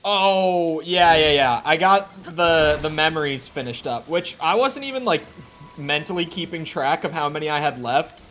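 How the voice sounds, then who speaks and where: A man's voice: fairly high pitch, animated, normal speed, fairly bright tone. A young man streaming a video game, talking to himself in a casual, rambling way with frequent restarts. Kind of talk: casual gameplay commentary.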